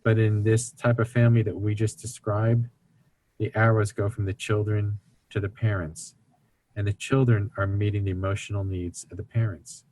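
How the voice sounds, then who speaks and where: A man with a somewhat low-pitched voice speaks as an interview guest. His tone is earnest and instructive, and he slips into brief put-on voices when he quotes other people. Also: flat delivery, normal speed, a little mellow. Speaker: guest speaker on recovery ministry. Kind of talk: explaining in an interview.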